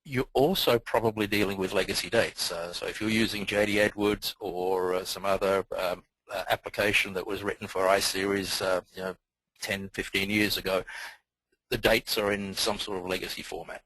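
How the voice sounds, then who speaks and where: Low husky man with an Alabama accent. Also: fairly even intonation, normal speed, a bit bright, dry recording, low-quality recording. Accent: Southern US, Alabama. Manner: methodical, explanatory. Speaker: technical presenter. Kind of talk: webinar presentation.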